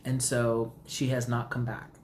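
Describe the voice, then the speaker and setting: A woman casually telling a storytime vlog, animated and full of fillers, with big pitch jumps when she quotes herself. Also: unhurried, slight background noise. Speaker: vlogger.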